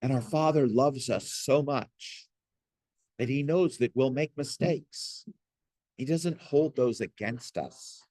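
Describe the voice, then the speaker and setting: A man with a mid-pitched voice gives a spoken faith lesson in an earnest, pastoral way, reaching for homely examples. The sound is dry and close, with no room echo. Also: slow, a little mellow. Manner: earnest, pastoral, folksy illustrations. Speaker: Christian teacher. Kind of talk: gentle spoken teaching.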